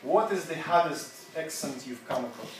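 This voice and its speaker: Man, native Russian speaker, higher voice, roomy classroom, off-mic. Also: animated, slight background noise. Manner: casual, halting, laughs often. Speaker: seminar teacher. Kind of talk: classroom seminar talk. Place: university classroom. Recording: echoey room from a distance.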